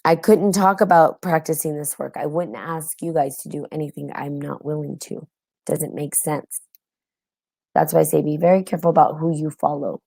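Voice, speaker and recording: This podcast host speaks in a low, dark, creaky voice with a steady tone and moderate pace. Tired and yawning, she leads a chatty spiritual talk with a live audience, full of ums and laughter, recorded in clean studio sound with no room echo.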